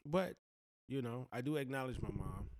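A man's voice: medium pitch, animated, moderate pace, darkish tone, dry recording. A man giving earnest, blunt life advice in a slangy, heartfelt monologue.

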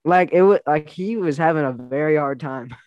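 A man's voice: a little high, normal speed, darkish tone, dry recording, lo-fi sound. A young man casually chatting and telling rambling, laughing stories, full of fillers and restarts. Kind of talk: casual chat.

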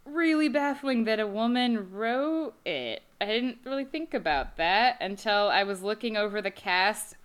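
Woman on a movie podcast, clear smooth voice, kinda wry and jokey. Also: mid-range voice, lively intonation, measured pace, few pauses. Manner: wry, laughing, chatty. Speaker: podcast co-host. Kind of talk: casual movie-review chat.

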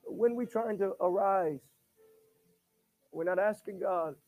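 Very high-voiced preacher man. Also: slow, a little mellow, soft background music. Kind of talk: sermon.

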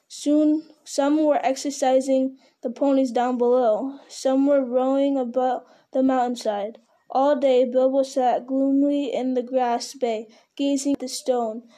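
A woman's voice: sits high, mellow. A woman reading a novel aloud in an unpolished way, stumbling over words and restarting them. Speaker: reader.

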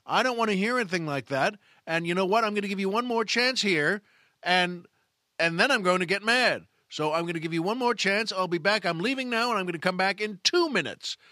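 A man's voice: high voice, expressive, brisk, sharp tone, no room sound, studio quality, pitched above the performer's own voice. A man voicing an irritated young waitress who grows more and more fed up. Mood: stern. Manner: huffy, losing patience.

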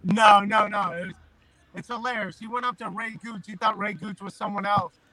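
A man's voice: high voice, steady tone, normal speed, crowd noise, low-quality recording. A man calling into a podcast on his phone speaker, telling stories in laid-back, joking chat. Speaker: podcast guest. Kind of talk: casual chat.

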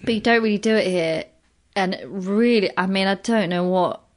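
A British woman in her thirties, a comedian guest in casual podcast chat, animated and swearing freely. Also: mid-range voice, normal speed. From Britain. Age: 30s. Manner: animated, swears freely, acts out quoted voices.

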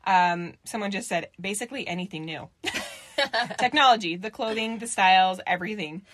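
A woman's voice: medium pitch, normal speed, fairly bright tone, a little hiss or hum. A woman in her thirties co-hosting a podcast in casual chat, reading out listener comments and laughing easily. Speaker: podcast co-host.

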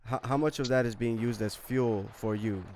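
A man hosting a podcast interview, asking long, thoughtful questions at a measured pace with frequent fillers. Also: medium pitch, darkish tone, slight background noise. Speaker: podcast host.

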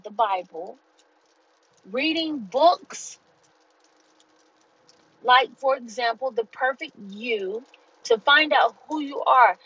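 A woman hosting a podcast, giving an inspirational faith talk in a slow, deliberate, preaching way. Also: high-pitched, fairly bright tone, dry recording, muffled recording. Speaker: podcast host.

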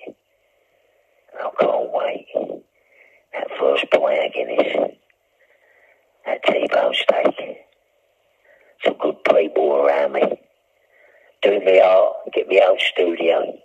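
Gravelly older man, ranting over a muffled phone. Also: sits low, a little mellow. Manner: profane, ranting, aggrieved. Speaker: prisoner. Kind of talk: recorded phone call. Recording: muffled prison phone line.

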